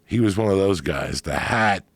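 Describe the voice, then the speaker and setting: A middle-aged man with a very deep voice spins profane stories in casual chat. His voice is gravelly and husky. The room sounds dry and close. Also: normal speed, no room sound. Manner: profane, animated storyteller.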